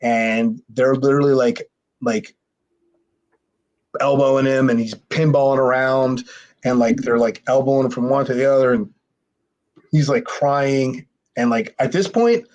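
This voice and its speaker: A man, a former pro wrestler guesting on a podcast, telling a rambling, profane story and mimicking others in a high voice. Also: unhurried, long pauses, lo-fi sound. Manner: animated, mimics others with sharply raised pitch. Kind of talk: casual storytelling.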